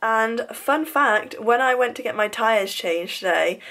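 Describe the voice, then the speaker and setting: A woman's voice: fairly high pitch, lively intonation, measured pace, fairly bright tone. A young woman in her twenties, chatting casually to a handheld camera in a bubbly vlog style. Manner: chatty and bubbly, with sighs of frustration. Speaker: vlogger.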